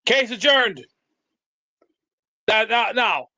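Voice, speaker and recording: A man's voice: sits high, expressive, very slow, bright, forceful tone, no room sound, lo-fi sound. A man doing a brash mock tough-guy rant, trash-talking and insulting commenters.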